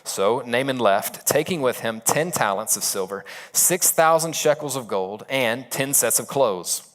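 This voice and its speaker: A man's voice: mid-range voice, lively intonation, unhurried. A man preaching a sermon as a pastor, retelling a story in a casual, conversational way with asides.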